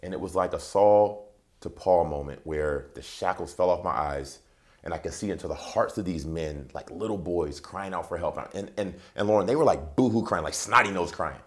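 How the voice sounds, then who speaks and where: This is a man with a very deep, low voice. He is a guest on a TV interview set, telling his personal story with animated energy. He acts out the other people's voices as he goes. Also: normal speed. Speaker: transition coach, interview guest.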